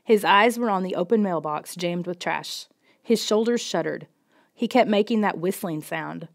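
A woman reading a children's storybook in the first person, steady and expressive. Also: lowish voice, normal speed, vocal fry. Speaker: audiobook reader.

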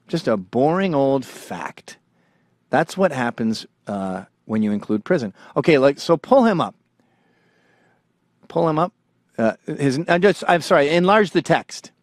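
A man in his forties hosting a show, telling profane comedic stories and jumping between low mumbling asides and sudden loud outbursts. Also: animated, normal speed, dry recording, studio quality. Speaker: show host.

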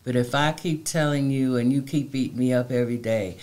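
A woman's voice: a bass voice, fairly quick, hardly any pauses, darkish tone. A middle-aged woman speaking as an interview guest, emphatic and heartfelt with a preacherly cadence. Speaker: community advocate guest. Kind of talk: interview conversation.

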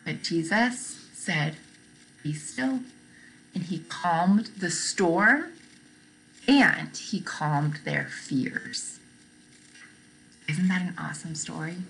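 A young woman teaching a gentle Bible lesson to toddlers, asking questions, repeating them and praising often. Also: on the low side, takes it slowly, vocal fry, slight background noise, rough recording. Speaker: children's teacher.

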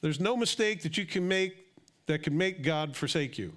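With a voice on the high side and a moderate pace, this middle-aged male pastor preaches, alternating intimate, quiet asides with loud and excited emphasis.

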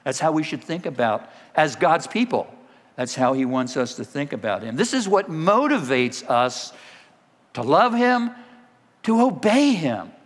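Slow-speaking preacher in an echoing hall. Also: male voice, on the high side, sing-song. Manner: dramatic shouted cries when acting out scripture. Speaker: pastor. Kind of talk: sermon. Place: church sanctuary. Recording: long reverb of a church hall.

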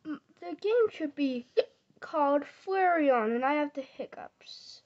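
A woman voicing a bossy, sleepy Flareon with the hiccups in a fan voice skit, quick to snap at others. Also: sits high, expressive, lo-fi sound. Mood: whispery.

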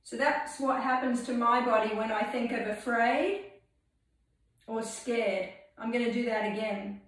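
A woman teaching English through movement, giving calm step-by-step instructions in a library room. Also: a little high, a little slow, recorded from a distance. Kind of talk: guided movement lesson. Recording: very echoey room.

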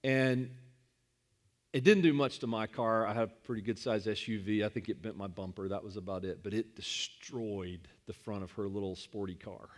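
A man's voice: on the low side, steady tone, moderate pace. A male pastor giving a sermon in a conversational, storytelling manner, weaving a personal anecdote into his teaching.

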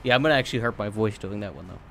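Bright-voiced, loud, swearing young man streamer. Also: lowish voice, rapid-fire, a little hiss or hum. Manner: loud, swearing and frustrated with the game. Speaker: game streamer. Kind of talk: live gameplay commentary.

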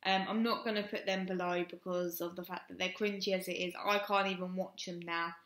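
A woman's voice: lowish voice, little pitch movement, brisk, fairly bright tone. A young woman, frankly telling a personal story on her vlog and rambling with many "um"s. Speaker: vlogger. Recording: roomy echo.

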